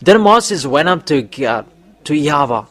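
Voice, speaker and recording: Male preacher, slightly high-pitched, exhorting and repetitive, pushes up hard on warnings. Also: big pitch swings, measured pace, a bit bright, dry recording. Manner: emphatic exhorting, voice rising on warnings; repetitive, with fillers and restarts. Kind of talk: sermon.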